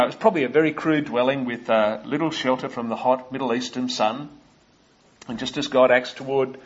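A man with an Australian accent preaching an expository sermon in a measured, explanatory way, with many "uh" fillers and asides to the listeners. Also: mid-range voice, breathy edge, dull audio.

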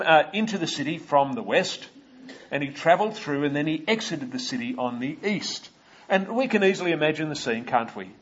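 A man with an Australian accent preaching an expository sermon in a measured, explanatory way, with many "uh" fillers and asides to the listeners. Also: a little high, husky, highs cut off.

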